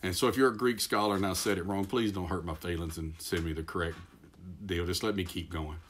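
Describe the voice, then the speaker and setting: A man with a deep, low-pitched voice and a Texas accent delivers a sermon in a folksy, rambling way. He pokes fun at himself and circles back to his point with plenty of ums and restarts. He sounds middle-aged. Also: steady tone, fairly quick, a bit bright, a little hiss or hum. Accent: Texan. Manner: folksy, self-deprecating, rambling with many fillers and restarts. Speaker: pastor.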